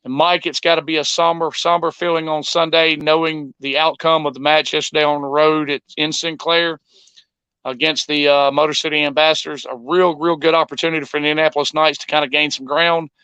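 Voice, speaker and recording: A man's voice: a little high, flat delivery, fairly quick, pushed and bright, smooth, dry recording, low-quality recording. A man conducting a post-game interview in an upbeat presenter manner.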